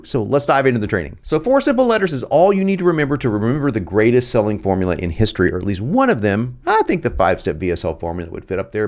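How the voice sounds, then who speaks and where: Jokey man teaching copywriting, lively pitch. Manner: jokey, playful, emphatic. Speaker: host. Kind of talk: copywriting video lesson.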